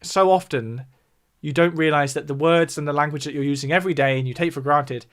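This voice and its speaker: A man's voice: a little high, brisk, fairly bright tone. A man from the south of England with a southern English accent, chatting casually on a livestream, explaining things and responding to viewer chat. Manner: explanatory, reacts to viewer chat between points. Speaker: music YouTuber hosting a livestream.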